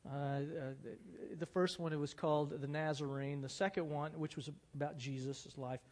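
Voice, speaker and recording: A man's voice: a little high, fairly even intonation, moderate pace, a little mellow, long reverb tail. A male preacher giving a sermon, reading from a novel with earnest and dramatic emphasis.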